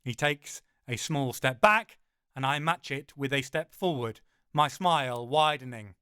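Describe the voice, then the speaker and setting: A man narrating a first-person audiobook in a dramatic, wry way, slowing for emphasis. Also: mid-range voice, animated, sharp tone, clear, resonant tone, dry recording, studio quality.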